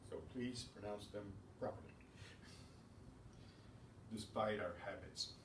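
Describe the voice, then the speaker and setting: A man teaching a beginners' language class, calling out each word loudly and then explaining it more quietly. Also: lowish voice, slow pace, long pauses. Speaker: Spanish teacher. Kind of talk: slow, patient pronunciation drill. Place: class room. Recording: roomy, from far off, faint hiss.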